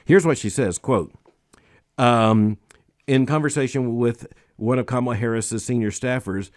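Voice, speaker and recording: A man's voice: mid-range voice, measured pace. A man hosting a daily news analysis show, giving emphatic, wry commentary with small hesitations and reading quotations aloud.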